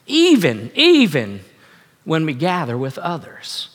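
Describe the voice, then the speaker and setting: A man preaching a sermon as pastor, earnest and halting, repeating himself with many fillers. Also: mid-range voice, expressive, fairly bright tone. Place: church sanctuary. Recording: echoey hall.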